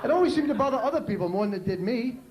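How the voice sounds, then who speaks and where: A man's voice: very high voice, lively intonation, very fast, muffled recording, crowd noise. A male stand-up comedian from New York City with a New York accent, telling wry, self-mocking jokes on stage. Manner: wry, self-mocking delivery with punchy punchlines. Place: comedy club stage before a live audience. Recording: echoey club, noisy old VHS tape.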